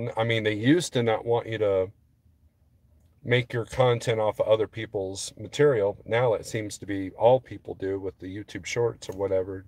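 A man's voice: on the low side, darkish tone, no room sound. A man vlogging as a trucker, rambling casually to his viewers and getting worked up as he talks. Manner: rambling, restarts often, gets heated.

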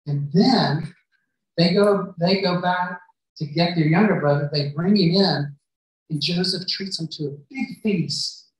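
A man's voice: high voice, a little slow. A man preaching a sermon, retelling a Bible story and acting out what the characters say. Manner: storytelling, acts out the characters' lines. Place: church hall. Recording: very echoey hall, voice far from mic.

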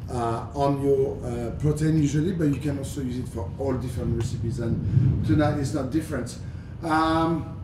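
Man, French accent, live cooking host, chatty, playful, fairly high voice, far from mic, low rumble. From France. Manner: chatty and playful, many fillers. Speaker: chef hosting a cooking livestream. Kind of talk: casual live cooking demonstration. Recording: echoey room, distant mic, low rumble.

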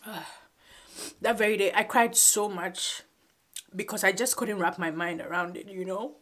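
A woman in her twenties telling a personal story in a vlog, halting and emotional, fighting back tears. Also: mid-range voice, fairly bright tone. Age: 20s. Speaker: vlogger. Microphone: phone camera.

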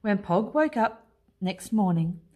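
A woman teacher reading a children's picture book aloud in an expressive, unhurried way. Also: medium pitch. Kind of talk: storybook read-aloud.

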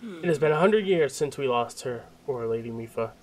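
A man's voice: medium pitch, expressive, normal speed, close to an everyday voice. A man reading game dialogue aloud as a stern, vengeful male fish-folk guard, in an accusing, dramatic way.

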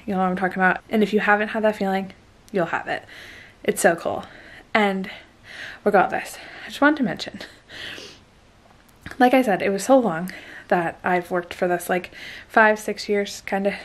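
A woman's voice: medium pitch, fairly even intonation, moderate pace. Young woman vlogging, out of breath, gushing and rambling, lots of likes and ums. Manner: gushing, filler-heavy, breathless. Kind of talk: casual vlog chat.

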